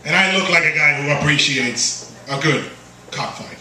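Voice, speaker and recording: Speaking at a moderate pace in a fairly high voice, this stand-up comic from Puerto Rico plays with and teases a small bar audience in Puerto Rican Spanish. The recording is distant, echoey and very noisy, and the crowd laughs in the background.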